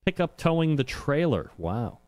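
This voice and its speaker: A man's voice: a little high, very animated, normal speed, a little mellow, no room sound. A man hosting a live call-in show from his home studio, joking and rambling with lots of "uh"s. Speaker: talk show host. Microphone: studio microphone.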